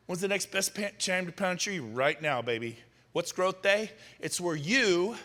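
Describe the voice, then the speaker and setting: A middle-aged man with a bright, forceful voice, pitched a little high for a man, speaking on stage in a big hall. He tells punchy stories and throws quick questions at the crowd, and his voice carries a long reverb off the room. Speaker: motivational speaker. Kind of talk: energetic stage talk to an audience. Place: large hall.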